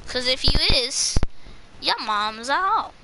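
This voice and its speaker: A woman's voice: high voice, animated, slow pace. A woman live streaming, chatting casually with viewers in a silly, giggly, rambling way. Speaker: livestreamer. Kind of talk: casual livestream chat reacting to viewers. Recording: noisy with mouse clicks.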